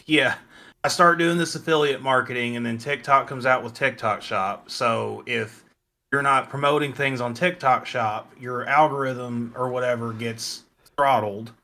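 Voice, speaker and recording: A man's voice: medium pitch, steady tone, measured pace, bright, forceful tone. A man chatting as a guest on a casual podcast, easygoing and rambling with crude jokes. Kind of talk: casual chat.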